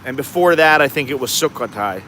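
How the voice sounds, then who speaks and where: An American man vlogging at an outdoor night market, telling a rambling story with chuckles and growing animated. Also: mid-range voice, a little fast. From United States. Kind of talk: casual storytelling vlog. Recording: faint outdoor street noise. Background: traffic and street noise.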